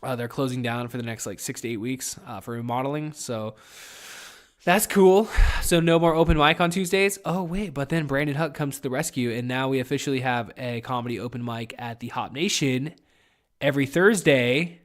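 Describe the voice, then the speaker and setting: A young man hosts a solo podcast, rambling casually in a mid-range voice with a steady tone and moderate pace. He swears constantly and is getting over a head cold.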